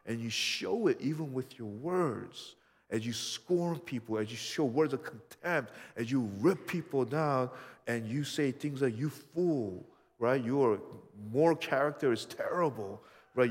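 A man delivering a sermon with long hall reverb trailing his words. His delivery is emphatic, sinking to quiet, low stretches and then climbing loud and high for emphasis. His pitch sits mid-range for a man. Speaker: pastor.

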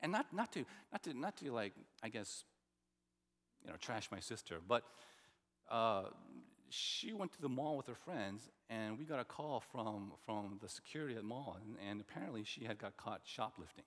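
A man's voice: mid-range voice, expressive, normal speed, a bit bright. A man from New Jersey preaching a sermon as pastor, in a conversational style with personal stories and rhetorical questions. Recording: long reverb of a large hall.

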